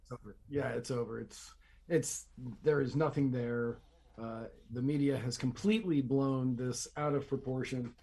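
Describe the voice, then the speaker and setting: A man's voice: medium pitch, normal speed, vocal fry, darkish tone, husky. Man, host, political commentary, sarcastic, emphatic, repeats himself.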